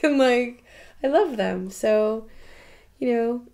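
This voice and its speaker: Female painter, documentary interview, slightly high pitch, candid, emotional delivery. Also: lively intonation, takes it slowly. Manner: candid and emotional, swears casually, laughs often. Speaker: painter interviewed about her life.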